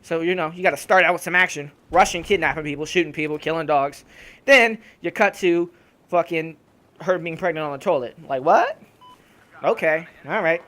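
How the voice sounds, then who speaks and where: A young man with a slightly high voice rants casually over gameplay as a YouTuber. He swears constantly and gets worked up, breaking into laughs as he talks into a home desktop mic. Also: moderate pace. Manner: profane, animated ranting with laughs. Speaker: gaming YouTuber.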